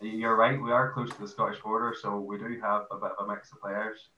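A man's voice: on the low side, flat delivery, brisk, bright, forceful tone, roomy sound, distant mic, lo-fi sound, slight background noise. An Irish man being interviewed as a guest about playing amateur football, chatty with playful boasts. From Ireland. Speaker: guest, amateur footy ruckman. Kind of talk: casual podcast interview.

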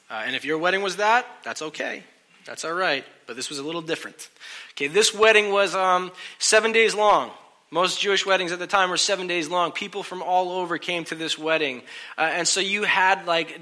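A man preaching a sermon in a lively, joking way, often asking his listeners questions. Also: a little high. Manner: animated, joking, asks the crowd questions. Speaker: pastor.

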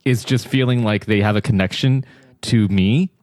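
A man co-hosting a comedy podcast, joking deadpan in casual chat. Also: lowish voice, moderate pace, dry recording. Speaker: podcast co-host.

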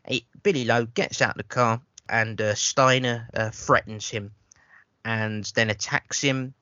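A man talks through a film in loose, swearing podcast chat, tripping over restarts as he goes. His voice is bright and forceful. The sound is dull and lo-fi, and dry up close. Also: medium pitch, fairly even intonation, measured pace, no echo. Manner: rambling, profane, stammers on restarts. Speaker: podcast host. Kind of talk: casual film review chat.

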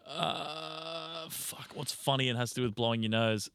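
A man's voice: mid-range voice, a little slow, few pauses, bright, forceful tone, smooth, dry recording. A man, co-hosting a casual sports podcast with joking, swearing banter. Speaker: podcast co-host.

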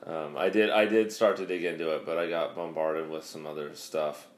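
A man with a very low voice co-hosts a podcast. He hesitates and restarts often, and slips in dry jokes. The recording has an echoey, roomy ring. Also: fairly even intonation, normal speed. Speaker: podcast co-host. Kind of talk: casual chat.

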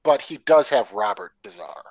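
A man's voice: mid-range voice, animated, moderate pace. A man co-hosting a podcast, giving blunt, profane, sarcastic opinions on a film in casual chat. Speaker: podcast co-host.

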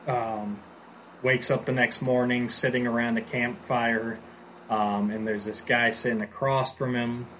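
A man's voice: mid-range voice, flat delivery, unhurried, a bit bright, slight background noise, low-quality recording. A man casually recapping a story on a podcast, rambling and restarting as he goes. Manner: rambling, many fillers and restarts.

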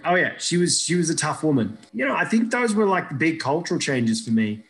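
A man from Iraq, a guest in an interview, telling stories in a lively, casual way and often checking in with "right?". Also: a little high, fairly quick. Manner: animated storyteller who tags lines with "right?". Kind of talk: casual storytelling chat.

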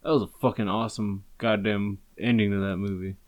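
A man's voice: on the low side, flat delivery, fairly quick, a little mellow. A man in casual chat with friends, joking crudely and swearing freely.

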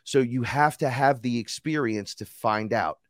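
A man's voice: mid-range voice, measured pace, dry recording, clean studio sound. A man telling a long story in a casual conversation as a podcast guest, swearing freely and acting out other people's voices. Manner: animated, profane, acts out other people's voices. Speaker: podcast guest, rapper and shaman.

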